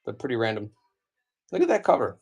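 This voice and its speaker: A man in his forties chats loosely while he runs a live comic auction. His voice sits in an ordinary middle pitch, and he wanders from thought to thought, full of "like" and "you know". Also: huge pitch swings, brisk, creaky, a little mellow, slightly rough. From United States. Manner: rambling and chatty, many fillers. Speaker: live-stream comic seller. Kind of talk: casual live-stream auction chat.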